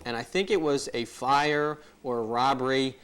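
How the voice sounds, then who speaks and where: A man's voice: medium pitch, steady tone, moderate pace, fairly bright tone, clean tone. A man hosting a live telethon, joking with his guest and cueing up clips. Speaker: telethon host. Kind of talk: live TV host chat.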